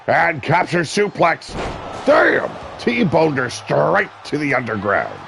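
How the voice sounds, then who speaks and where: Brash, shouting wrestling commentator, gravelly man. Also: on the high side, big pitch swings, slow, a little hiss or hum. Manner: brash, profane, shouts at big moves. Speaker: play-by-play commentator.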